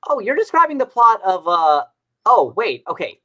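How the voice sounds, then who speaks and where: A man from Long Island co-hosting a podcast, reacting excitably and emphatically in casual chat. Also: sits high, normal speed. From Long Island, New York. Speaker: podcast co-host.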